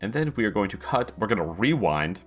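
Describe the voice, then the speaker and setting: A man narrating as game master in a tabletop role-playing game, explaining the rules at length in a friendly, relaxed way. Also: fairly low pitch, a little fast, faint music behind.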